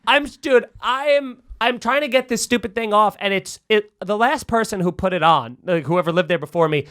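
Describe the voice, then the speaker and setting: A man's voice: sits high, moderate pace, a bit bright, clean tone. A man on a podcast, telling a long rambling story in casual chat. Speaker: podcast host.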